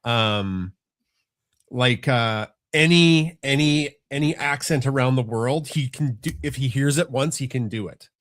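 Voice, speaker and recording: A man's voice: mid-range voice, measured pace, fairly bright tone, no room sound, clean studio sound. A middle-aged man, chatting casually on a family podcast, rambling and restarting often. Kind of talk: casual chat.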